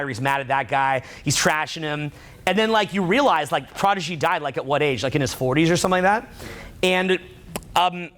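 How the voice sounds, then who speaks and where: A man speaks to a live seminar audience in a casual, rambling way, filling his sentences with "like" and checking in with "right?". His voice sits a little on the high side for a man. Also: a bit bright. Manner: rambling, heavy use of "like" and "right?".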